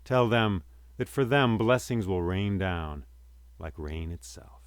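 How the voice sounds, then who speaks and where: A sly trickster god of myth, as a male storyteller puts him on. He chants his warning in a repetitive, incantatory rhythm, his voice kept low. The sound is dry and intimate. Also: lively intonation, slow, dry recording. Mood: urgent.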